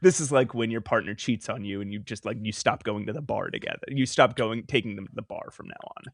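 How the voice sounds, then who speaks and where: A man co-hosting a casual comic book podcast, recapping plot in a rambling way with self-interruptions and quick jokes. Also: lowish voice, vocal fry, no echo, clean studio sound. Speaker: podcast co-host.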